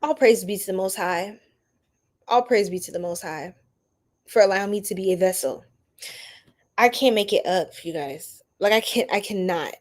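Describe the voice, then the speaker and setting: Young woman doing a live tarot stream, chatty and slangy, laughs a lot, middle pitch. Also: normal speed, long pauses. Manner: animated, laughing, preachy slang-filled asides. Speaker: tarot reader livestream host. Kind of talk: casual livestream chat.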